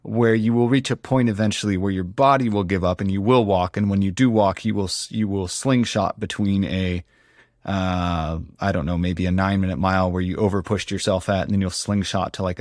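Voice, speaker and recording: A man's voice: low voice, gravelly, no echo, studio quality. A man speaking as an interview guest, reflective and earnest, often restarting his sentences as he searches for words. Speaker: guest ultrarunner.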